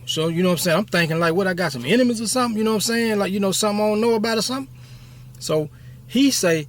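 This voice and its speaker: A man in his fifties with a fairly high voice, talking casually to camera. He rambles through a personal story, circling back on his words and checking in with the listener often. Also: fast talker, slight background noise. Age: 50s. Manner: rambling, keeps saying "you know what I'm saying". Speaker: YouTube storyteller.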